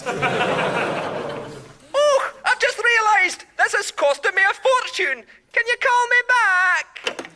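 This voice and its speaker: A man voicing an excitable, giggly Victorian male inventor in a radio comedy sketch. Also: very high voice, slow pace, long pauses, a little hiss or hum, full character voice. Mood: giddy.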